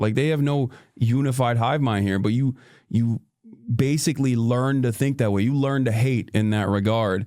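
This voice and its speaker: A man's voice: medium pitch, normal speed, warm tone, no room sound, studio quality. A man who is a podcast guest, explaining his argument bluntly with some swearing. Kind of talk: casual podcast chat.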